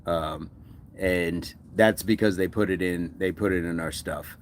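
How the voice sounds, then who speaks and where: Dude running a workout livestream, kinda low voice, chatty and encouraging. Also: male voice, fairly even intonation, measured pace, slight background noise. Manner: encouraging, reads viewer comments aloud. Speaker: fitness livestream host. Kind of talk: casual livestream chat.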